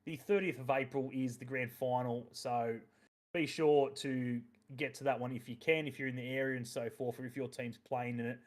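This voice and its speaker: A man's voice: mid-range voice, steady tone, moderate pace. A man hosting a podcast in casual, rambling chat, swearing freely and using many fillers. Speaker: podcast host.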